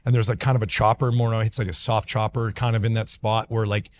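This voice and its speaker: Animated middle-aged man from Canada. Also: on the low side, fast. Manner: animated, filler-heavy, acts out voices in anecdotes. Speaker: guest, former pro pitcher. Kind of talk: casual storytelling chat.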